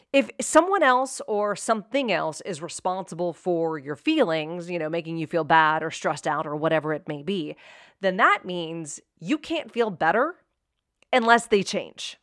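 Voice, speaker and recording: A woman's voice: lowish voice, a bit bright, no echo, studio quality. Upbeat woman giving a self-help talk. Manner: upbeat, direct address to listener, rhetorical questions.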